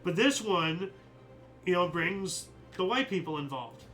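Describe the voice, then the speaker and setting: A man's voice: sits high, animated, measured pace, bright, forceful tone, faint music behind, low-quality recording. A man hosting a daily history livestream in casual chat. He reads out dates and adds rambling, joking asides with mild swearing. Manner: punches out each year before the entry. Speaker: host of a daily history stream.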